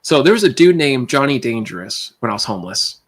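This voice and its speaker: A man on a livestream casually telling a personal story, rambling and animated, with restarts and tangents. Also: mid-range voice, fairly quick.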